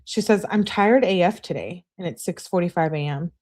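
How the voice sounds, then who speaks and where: A woman's voice: fairly low pitch, moderate pace, darkish tone. Woman reading texts on a livestream. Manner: reads texts with "she says" tags, chats with viewers. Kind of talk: live stream reading aloud.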